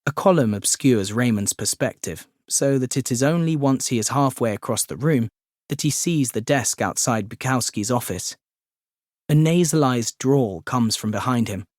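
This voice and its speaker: Male audiobook narrator, measured mid-pitch delivery, dry booth sound. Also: no room sound. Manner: measured, descriptive. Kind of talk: scripted narration.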